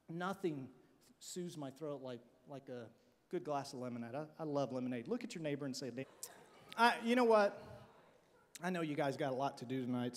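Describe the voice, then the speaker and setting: Animated high-voiced male keynote speaker. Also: a little hiss or hum. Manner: animated, joking storyteller who swings from shouting to quiet asides. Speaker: motivational speaker. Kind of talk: energetic keynote speech to a student conference. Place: large conference hall. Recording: long hall reverb.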